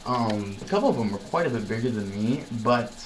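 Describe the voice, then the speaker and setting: A man's voice: mid-range voice, lively intonation, brisk, slight background noise, poor audio. A young man vlogging in a casual chat, telling rambling, upbeat stories full of fillers.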